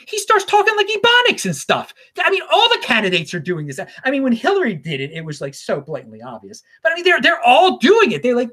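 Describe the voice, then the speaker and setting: A man hosts his own talk show alone. He rambles and stammers, doubling his words and chuckling between thoughts. His voice rises and falls in a lively, animated way. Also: extremely high pitch. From Baltimore, USA. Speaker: show host. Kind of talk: casual solo commentary.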